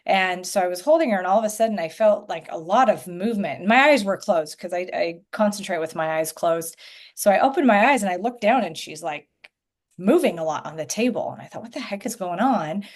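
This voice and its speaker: A woman's voice: on the low side, expressive, brisk. Middle-aged woman, healer guest on a podcast, chatty storytelling, acts out quotes.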